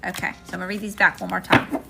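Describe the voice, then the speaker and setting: A woman's voice: medium pitch, flat delivery, racing, gravelly, over loud music. A woman doing a live-stream tarot reading, chatting with viewers between cards. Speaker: tarot reader.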